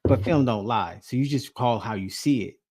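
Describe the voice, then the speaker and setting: Male co-host, mid pitch, agreeable chime-ins, casual. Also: moderate pace, a little mellow, breathy edge. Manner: agreeable, chiming in with short affirmations. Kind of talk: casual chat.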